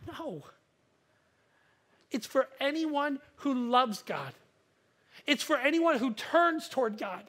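Speaking slowly and pausing often, this pastor preaches with a very high-pitched voice and lively intonation. His sermon swings between emphatic, forceful climaxes and hushed asides, and restarted sentences often begin with a repeated word.

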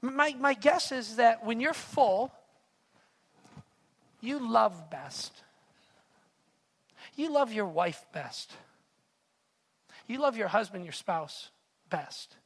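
A man's voice: extremely high pitch, expressive, takes it slowly, long pauses, a bit bright, breathy edge. A man preaching a sermon in an earnest, confessional way, often repeating words as he speaks to the room. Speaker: pastor. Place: church hall. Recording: long hall reverb.

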